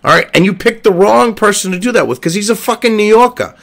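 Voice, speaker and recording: A man's voice: sits high, lively intonation, quick pace, creaky, fairly bright tone. A man giving heated, profane commentary from his computer desk, exasperated and cursing freely. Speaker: online political commentator. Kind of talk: ranting commentary.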